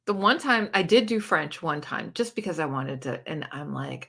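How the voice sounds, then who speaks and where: A woman's voice: deep voice, normal speed, vocal fry, fairly bright tone, slightly rough. A woman hosting a casual livestream about books, chatting loosely, laughing often and reacting to viewer comments. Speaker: book channel host.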